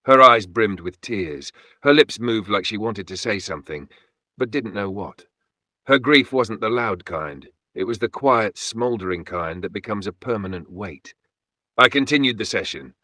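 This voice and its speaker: A man telling a horror story in first person as scripted narration, measured and hushed. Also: fairly low pitch, expressive, dry recording, clean studio sound.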